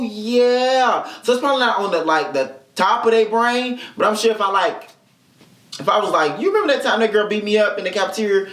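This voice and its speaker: Male podcast host, casual comic storyteller with a swooping, lively voice and plenty of profanity, recorded in an echoey room. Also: high-pitched. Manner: animated, profane, acts out quoted people. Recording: roomy echo.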